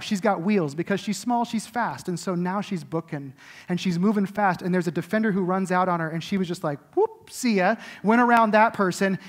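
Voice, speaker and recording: A middle-aged man delivers a sermon as lead pastor in a rather high voice. He tells stories in a loose, chatty way full of asides, then drops into a soft, intimate tone for the message. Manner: animated storytelling with many likes and rights; soft and intimate when preaching.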